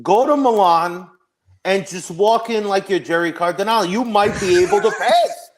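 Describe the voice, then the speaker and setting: A man on a casual group video chat, joking and animated as he gives shout-outs. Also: sits high, moderate pace, a crowd in the background. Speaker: podcast guest.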